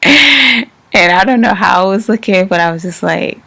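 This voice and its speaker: A woman's voice: medium pitch, lively intonation, normal speed, gravelly, sharp tone. A young woman vlogger telling a personal story casually, rambling and laughing as she acts out both sides of the conversation. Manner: rambling, laughs often, quotes others in dialogue.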